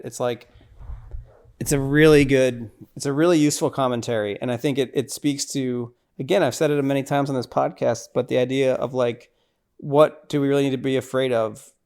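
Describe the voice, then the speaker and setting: A man's voice: medium pitch, smooth. A man hosting a podcast, casually recapping a horror movie scene by scene, with lots of restarts and repeated words. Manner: grows loud and excited at gory scenes. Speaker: podcast host.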